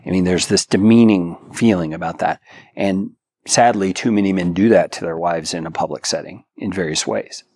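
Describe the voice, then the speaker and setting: A man with a very deep voice co-hosts a podcast and gives instructive marriage advice in an earnest, exhorting tone. He speaks straight to the men listening. The sound is dry and close, with no room around it. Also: normal speed, a little mellow, no room sound. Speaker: podcast co-host.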